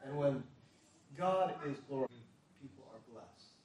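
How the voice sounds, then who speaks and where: A man preaching a sermon as a pastor, earnest, moving between quiet asides and forceful emphasis. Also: mid-range voice, animated, normal speed. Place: church. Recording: echoey church hall, mic at a distance.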